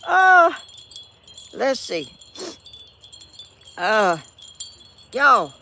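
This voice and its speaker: An older Southern woman with a gravelly voice talks slowly and loosely to her live-stream viewers. She rambles and apologizes as she chats. She is outdoors on a breezy morning, picked up by a phone on a tripod, with faint noise behind her. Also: fairly high pitch, very animated, bright, forceful tone. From Georgia, US. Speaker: vlog host. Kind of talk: casual live-stream chat. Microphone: phone or tablet on a tripod.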